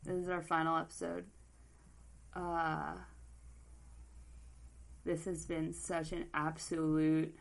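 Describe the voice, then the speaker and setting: A woman's voice: low-pitched, vocal fry, poor audio. A woman co-hosting a podcast, talking in a rambling, earnest, self-deprecating way while near tears. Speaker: podcast co-host. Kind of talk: casual chat.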